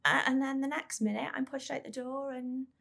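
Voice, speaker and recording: This woman's voice is high and fairly bright, with vocal fry and fairly even intonation. Interviewed for a podcast about her child's brain injury, she tells her story haltingly, repeating words and acting out recalled dialogue.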